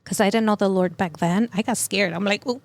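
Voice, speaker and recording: A middle-aged woman telling of a personal loss as a podcast guest, in a halting, emotional way full of fillers and restarts. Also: mid-range voice, steady tone. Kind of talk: personal testimony in an interview.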